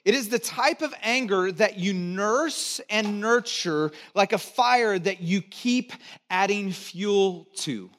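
A middle-aged American man preaching a conversational sermon in a church, asking the congregation to repeat words and adding joking asides, swinging between loud emphatic lines and quiet low ones. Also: takes it slowly. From United States. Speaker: pastor.

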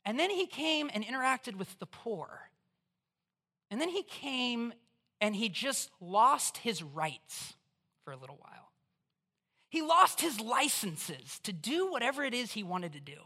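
A preacher giving a conversational, animated sermon in church, putting questions straight to the listeners. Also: mid-range voice, unhurried. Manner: acts out voices in quotes.

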